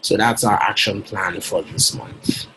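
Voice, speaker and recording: A man's voice: fairly low pitch, steady tone, a little slow, sharp tone, husky, no room sound, rough recording. A man coaching a client on a call, persuasive and often checking that she follows. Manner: persuasive, repeats himself, checks for understanding. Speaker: business coach.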